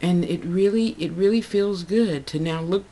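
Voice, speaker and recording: A woman's voice: on the low side, normal speed, dark tone. A woman talking to her camera in a casual, heartfelt vlog monologue, rambling and repeating herself as she goes. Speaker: vlogger.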